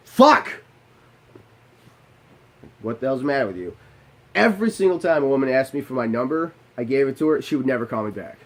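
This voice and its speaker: A young man recounts a personal story in a loose, conversational way. He swears freely and pokes fun at himself in quick asides, with a voice sitting in an ordinary middle pitch. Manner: profane, self-deprecating, animated asides.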